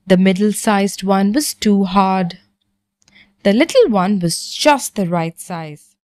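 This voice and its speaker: A woman narrating a bedtime story for children in a gentle, expressive manner. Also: mid-range voice, slow pace, dry recording.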